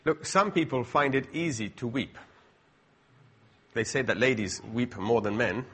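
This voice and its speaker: Male preacher, middle-aged, husky voice, conversational sermon, rhetorical questions. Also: mid-range voice, animated, unhurried, pushed and bright.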